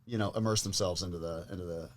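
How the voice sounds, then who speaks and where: A man co-hosting a casual podcast chat, halting and repeating words as he searches for them. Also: sits low, fairly even intonation. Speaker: podcast co-host and real estate agent.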